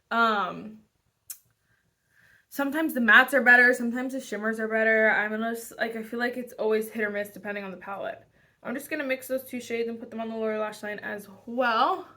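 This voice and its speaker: Young woman vlogger, casual makeup chat, bright slightly high voice, rambling delivery. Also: brisk. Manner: rambling, chatty, many fillers and restarts. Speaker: beauty vlogger.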